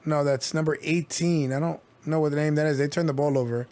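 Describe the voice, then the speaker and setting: A man's voice: a little high, fairly even intonation, brisk, a little mellow. Chatty man calling basketball play-by-play. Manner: chatty, jokey asides between play calls. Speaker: streamer giving play-by-play commentary. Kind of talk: casual live game commentary.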